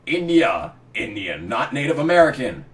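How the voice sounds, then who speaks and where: A man delivering a sarcastic, exasperated rant about motorsport, breaking into shouts now and then. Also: mid-range voice, very animated, moderate pace, recorded from a distance. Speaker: racing commentary vlogger. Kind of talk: ranting commentary. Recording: roomy, set back from the mic.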